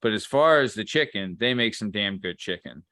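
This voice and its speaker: A man's voice: on the low side, animated, normal speed, pushed and bright, dry recording. Rambling, joking male podcast host. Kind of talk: casual chat.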